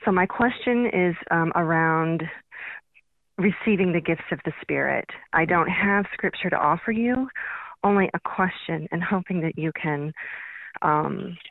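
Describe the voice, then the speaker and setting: A woman's voice: fairly low pitch, expressive, a little slow, no room sound. A woman calling in to a radio show, asking her question hesitantly and searchingly. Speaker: caller. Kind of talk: phone-in question. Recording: tinny phone line.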